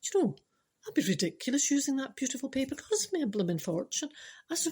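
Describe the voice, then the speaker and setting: A woman's voice: sits high, sing-song, quick pace, darkish tone, husky. A Scottish woman hosting a podcast, telling a casual story in a wry, sarcastic way with playful asides. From Scotland. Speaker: podcast host.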